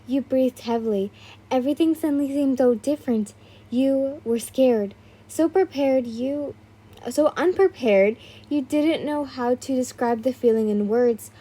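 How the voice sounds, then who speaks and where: Woman reading fanfic out loud, chill, kinda husky and mellow. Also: high voice, measured pace. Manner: casual, stumbling asides. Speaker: fan fiction reader. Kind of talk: reading a fan story aloud.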